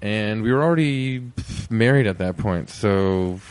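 A man's voice: lowish voice, a little slow, clean tone. A young man hosting a podcast, rambling and joking through a casual intro. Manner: rambling, self-deprecating, jokey. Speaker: podcast host.

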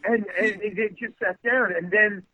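A man's voice: high voice, fairly even intonation, unhurried, slightly rough, no echo. A man telling a story in casual chat, stammering and restarting as he acts out the quotes. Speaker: guest actor telling a story. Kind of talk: casual anecdote, animated. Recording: dry, phone-like narrow sound.

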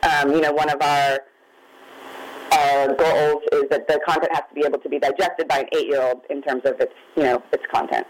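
A woman's voice: sits low, level tone, a little fast, poor audio. Middle-aged woman guest, candid, emotional, holding back tears. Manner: open, candid, near tears at times. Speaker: guest, magazine founder. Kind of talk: emotional personal storytelling.

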